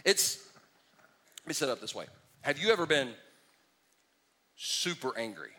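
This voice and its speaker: A middle-aged man preaching a sermon in an animated, joking way, acting out mocking impressions. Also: on the high side, moderate pace. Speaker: pastor.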